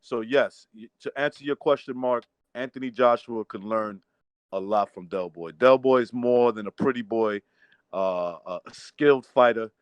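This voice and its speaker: A man's voice: mid-range voice, normal speed, smooth, no echo. A man playing a beaten fighter in a mock post-fight interview, humbly praising his rival and pleading with his fans. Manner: over-the-top staged humility, pleading with imaginary fans. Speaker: trivia contestant playing a defeated boxer.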